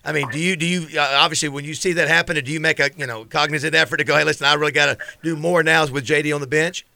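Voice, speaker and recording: A man with a gravelly, bright edge talks fast as a sports radio host. His questions ramble with asides and fillers, upbeat and casual. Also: fairly high pitch, steady tone, no room sound. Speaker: radio talk show host. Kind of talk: morning sports radio chat.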